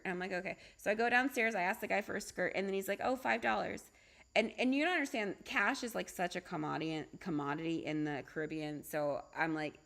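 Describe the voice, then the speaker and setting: A middle-aged woman, a holistic doctor, talking casually on a livestream, chatty and animated, often asking "right?" and laughing. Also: a little high. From United States. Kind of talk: casual livestream talk with storytelling.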